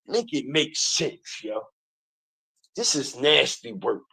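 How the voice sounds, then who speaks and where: A man's voice: mid-range voice, big pitch swings, takes it slowly, vocal fry, sharp tone, breathy edge. A man hosting an online commentary video, ranting in a heated, profane way and repeating his points.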